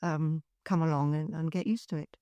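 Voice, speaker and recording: A woman's voice: deep voice, steady tone, normal speed, dark tone, clean tone, dry recording. An older woman from Scotland with a Scottish accent, chatting as a podcast guest. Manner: chatty, with frequent restarts. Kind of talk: casual chat.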